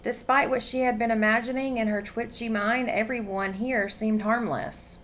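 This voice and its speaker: A woman reading a novel aloud with expression, pausing to ask her listeners questions. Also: on the high side, fairly even intonation, fairly bright tone, slight background noise. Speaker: story reader.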